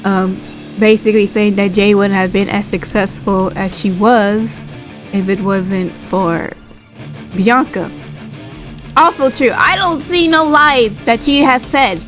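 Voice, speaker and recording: Chatty woman recapping wrestling, faint music behind. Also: takes it slowly. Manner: animated retelling, acts out quotes in a higher voice; chatty with frequent fillers and asides. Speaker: wrestling commentator recapping a show. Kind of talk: casual recap vlog.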